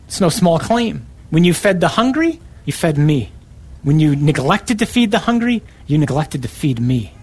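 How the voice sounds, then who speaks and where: Emphatic higher-voiced male preacher. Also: very animated, moderate pace, a little mellow, breathy edge. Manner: emphatic, rhetorical repetition. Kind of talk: sermon with scripture reading.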